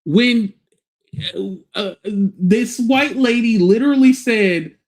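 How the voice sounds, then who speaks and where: A man's voice: very high voice, slow. A man hosting a livestream, ranting bluntly and scornfully with plenty of profanity. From United States. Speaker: livestream host. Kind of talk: casual livestream rant.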